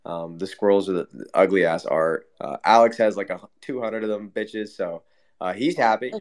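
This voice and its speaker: A man's voice: low-pitched, normal speed. A man in a casual online voice chat who talks bluntly, swears often and argues his point. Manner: blunt, swears a lot, argumentative. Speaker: panelist on a crypto talk space.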